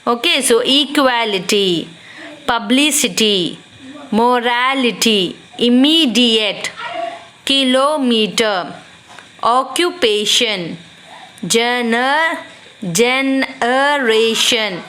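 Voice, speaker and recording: A woman's voice: fairly high pitch, lively intonation, fairly bright tone. A woman with an Indian English accent teaching an English lesson to children, reading words out one by one. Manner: slow, drawn-out word-by-word dictation to children. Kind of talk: classroom lesson.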